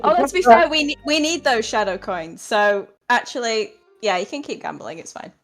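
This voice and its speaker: A woman's voice: fairly high pitch, lively intonation, normal speed, music in the background. Casual woman playing a tabletop game. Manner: exasperated, casual. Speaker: player.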